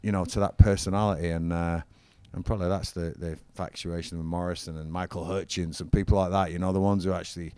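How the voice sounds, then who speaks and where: A man's voice: sits low, steady tone, fast talker, hardly any pauses, darkish tone, smooth, dry recording. A middle-aged man in a casual interview, telling stories in an enthusiastic, rambling way. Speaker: interview guest, former football manager and musician. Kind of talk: casual chat.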